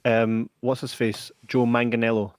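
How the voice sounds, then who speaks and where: A man's voice: medium pitch, flat delivery, normal speed, clear, resonant tone, dry recording. Easygoing Scottish man, teasing banter. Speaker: podcast co-host. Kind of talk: casual chat.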